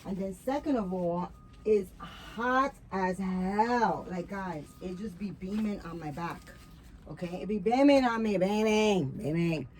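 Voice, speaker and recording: A woman hosting a doll vlog in casual chat, loose, profane and rambling with many fillers, cooing softly at her dolls. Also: mid-range voice, expressive, unhurried, a little hiss or hum. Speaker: doll channel host.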